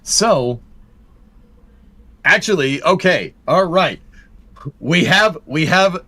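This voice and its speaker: A man's voice: on the high side, lively intonation, slow, pushed and bright. A man co-hosting a live launch stream, joking and bantering playfully. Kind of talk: casual live-stream commentary.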